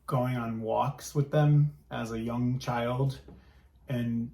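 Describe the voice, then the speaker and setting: A man's voice: mid-range voice, steady tone, slow, gravelly, warm tone, reverberant. A man who is a guest on a podcast, reminiscing in a rambling, fond way. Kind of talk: casual chat.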